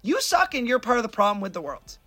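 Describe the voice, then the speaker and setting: A man's voice: very high voice, very animated, quick pace, bright, forceful tone. A man co-hosting a casual podcast, ranting emphatically about his pet peeves. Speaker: podcast co-host.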